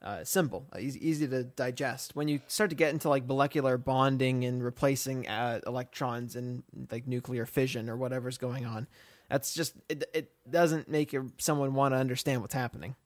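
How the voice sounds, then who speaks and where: A man's voice: mid-range voice, steady tone, brisk, no echo. A man co-hosting a podcast, talking casually in a rambling way with lots of fillers and restarts. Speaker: podcast co-host.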